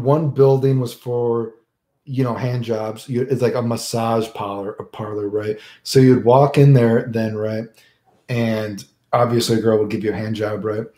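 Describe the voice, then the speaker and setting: Recorded in an echoey room, a man with a dark-toned, medium-pitched voice rambles casually on a stream. He answers viewer questions and keeps tacking "right?" onto his sentences.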